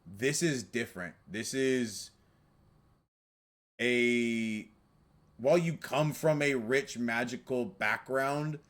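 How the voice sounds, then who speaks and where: A man narrating as game master of a tabletop role-playing game, slow and descriptive, with casual asides. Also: mid-range voice, fairly bright tone.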